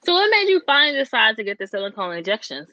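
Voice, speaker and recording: A woman hosting a casual interview, asking relaxed, chatty questions in slangy everyday speech. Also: on the high side, fast, no room sound, muffled recording. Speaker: interview host.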